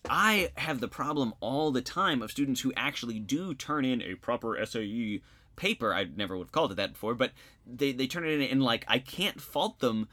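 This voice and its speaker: A social studies teacher, a man, talks in an easy conversational way, with a slight Southeast Missouri twang. His voice has a bright, forward tone at a middle pitch. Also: animated, fairly quick. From grew up all over as a military child. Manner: conversational, storytelling with asides. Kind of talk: casual conversation about teaching.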